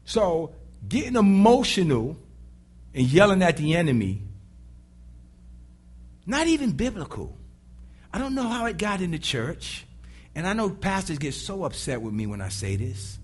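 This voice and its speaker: A man preaching a sermon in an animated, dramatic way, with sudden shouts and voices acted out. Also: high-pitched, a little slow, long pauses, husky.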